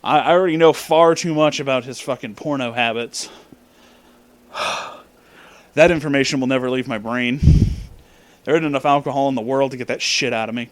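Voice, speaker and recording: A man telling a story in a casual, profane rant, breaking into loud disbelieving outbursts. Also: medium pitch, normal speed, long pauses. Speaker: storytelling vlogger.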